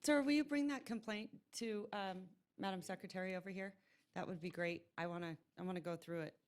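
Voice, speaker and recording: A woman's voice: medium pitch, brisk, a little mellow. Polite woman mayor chairing a meeting. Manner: polite, reassuring, hesitant fillers. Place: city council chamber.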